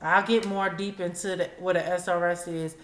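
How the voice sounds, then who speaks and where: A woman's voice: on the low side, flat delivery, moderate pace, echoey room, slight background noise. A woman hosting a talk show, speaking candidly and conversationally in casual commentary. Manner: candid, conversational, acts out quotes. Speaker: host.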